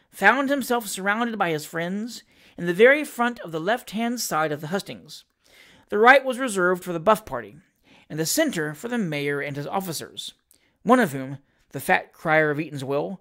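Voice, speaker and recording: Animated storyteller reading a classic novel, voice rising and falling freely. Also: medium pitch. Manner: expressive, lively storytelling. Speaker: audiobook reader.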